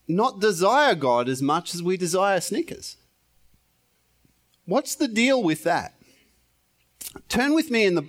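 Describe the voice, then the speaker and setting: A man's voice: a little high, fairly bright tone. A man preaching an informal sermon in church, chatty and playful, often laughing at himself. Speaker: pastor.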